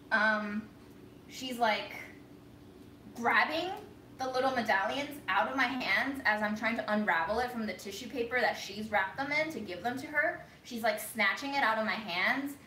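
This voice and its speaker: Her voice a little high, pushed and bright, a vlogger tells a story casually, venting in a frank, profane way. The echoey room, her distance from the mic, and faint background noise all shape the sound.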